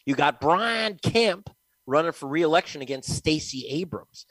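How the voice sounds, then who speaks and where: A man's voice: fairly high pitch, animated, measured pace, a bit bright, dry recording. A man, a guest investigative reporter, giving emphatic, scornful political commentary with frequent laughs.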